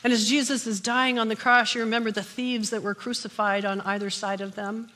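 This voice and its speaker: A woman's voice: fairly high pitch, fairly even intonation, brisk, pushed and bright. A woman pastor preaching a sermon, opening with jokes and then teaching steadily. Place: church sanctuary. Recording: long church hall reverb.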